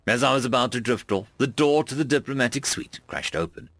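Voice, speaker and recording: A man narrating first-person fiction in an expressive reading voice. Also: medium pitch, brisk, no room sound. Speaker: audiobook narrator.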